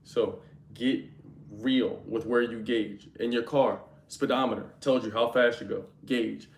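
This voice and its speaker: Speaking at an ordinary middle pitch, a young livestream host chats with his viewers in loose slang as though the chat were right there in the room. His tone is steady, a bit slow and creaky, and the audio is reverberant.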